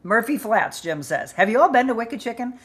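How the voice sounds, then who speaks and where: A livestream host with a slightly high voice and lively intonation talks briskly. Upbeat and chatty, she reads out the names and comments of her viewers.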